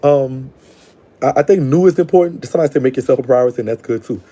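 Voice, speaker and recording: A man's voice: medium pitch, fast talker. A man hosting a live call-in show, giving blunt, slangy advice. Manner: blunt, slangy, talks back to callers warmly. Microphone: live stream call-in setup.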